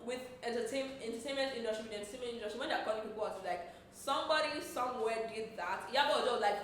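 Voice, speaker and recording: A woman presenting entertainment news in an animated, chatty gossip style. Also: on the high side, quick pace, few pauses, a little hiss or hum. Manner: animated, expressive storytelling. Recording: roomy echo, distant from the mic.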